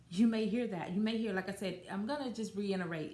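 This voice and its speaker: Hosting her podcast alone, a woman speaks a little fast in a mid-range voice with a dark tone. The talk is loose and casual, packed with fillers and restarts, and the recording sounds roomy and echoey.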